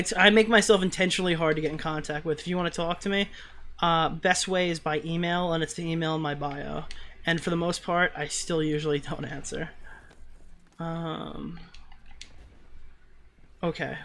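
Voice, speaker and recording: A man's voice: on the high side, fairly bright tone, slight background noise. A man with a New York accent streaming a game live, chatting casually with viewers and swearing in frustrated outbursts at his gameplay. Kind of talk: live gaming stream chat.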